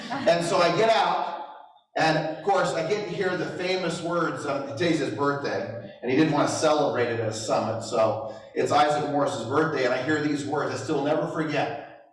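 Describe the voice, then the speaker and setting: A middle-aged man giving a motivational talk as a real estate trainer, telling stories with self-deprecating humor and chuckles. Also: fairly high pitch. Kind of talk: motivational storytelling speech. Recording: echoey hall, distant mic.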